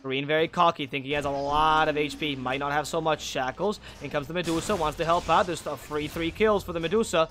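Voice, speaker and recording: A man's voice: a little high, fairly even intonation, a little fast, few pauses, a bit bright, faint music behind. A man casting a video game match solo, opinionated and critical, often correcting himself and drifting into small rants. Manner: frequent self-corrections and repeated words. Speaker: esports caster. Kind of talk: solo play-by-play commentary.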